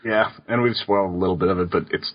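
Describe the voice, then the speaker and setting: A man's voice: sits low, steady tone, fast. A man co-hosting a podcast in casual chat, laid-back and rambling as he reads listener questions. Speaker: podcast co-host. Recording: dull lo-fi podcast audio.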